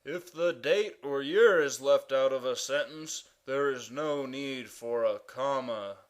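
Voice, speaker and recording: A man voicing a pompous, loud male king who proclaims grammar rules in an animated cartoon. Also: slow pace, natural voice. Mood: commanding. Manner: booming proclamations.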